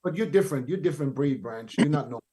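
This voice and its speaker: A man's voice: fairly high pitch, expressive, very fast, a crowd in the background. A man hosting a podcast, chatting bluntly and swearing now and then. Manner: blunt, profane. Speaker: podcast host. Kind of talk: casual chat.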